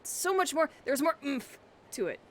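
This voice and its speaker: A woman streams a video game, offering playful let's-play commentary as she jokes, teases, and talks back to the characters on screen. Her high voice swings widely in pitch at a normal speed, with a slightly bright tone. Game music plays behind her, along with a little hiss or hum.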